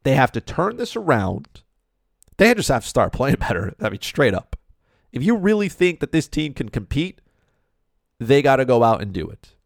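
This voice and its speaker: A man's voice: medium pitch, big pitch swings, moderate pace, gravelly, dry recording, studio quality. A man giving an opinionated hockey talk monologue, emphatic and repetitive, firing off rhetorical questions. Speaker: hockey commentator.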